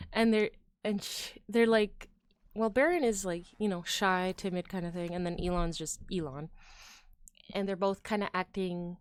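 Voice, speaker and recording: A woman streamer chatting casually with her chat while crafting, rambling with fillers and trailing off into quiet mutters as she works. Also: mid-range voice, steady tone, a little slow, pauses often, smooth. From United States.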